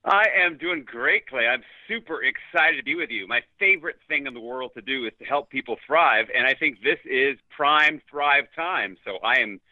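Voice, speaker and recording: A man's voice: medium pitch, normal speed, few pauses, no room sound, narrow, tinny audio. A man from New York City answering interview questions in an upbeat, articulate way. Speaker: guest, leadership consultant.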